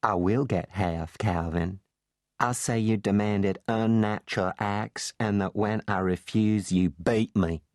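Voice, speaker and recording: A man's voice: lowish voice, no echo, studio quality. Man doing a purring Southern bombshell woman. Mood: purring scornful. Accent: Southern American. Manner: purring, slow, teasing. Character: sultry Southern American bombshell wife, scheming, purring.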